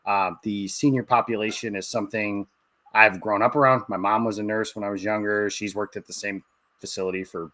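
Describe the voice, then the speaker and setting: A man in his thirties talks in a relaxed, rambling way as a podcast guest, with plenty of "uh" and "like." His voice sits fairly low, and the sound is dry and close. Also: a little fast, dry recording. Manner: easygoing, rambling, many fillers. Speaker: guest, sportswriter. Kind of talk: casual podcast interview.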